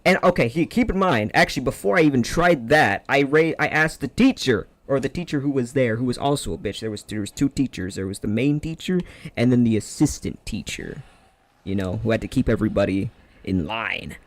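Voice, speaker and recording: A man's voice: mid-range voice, lively intonation, fairly quick. A man ranting animatedly about a grievance while gaming, with frequent swearing. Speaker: streamer.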